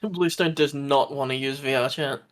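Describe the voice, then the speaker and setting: A man's voice: mid-range voice, fairly even intonation, normal speed. Rambling Australian man co-streamer. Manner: rambling, many fillers. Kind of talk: casual chat on a game stream.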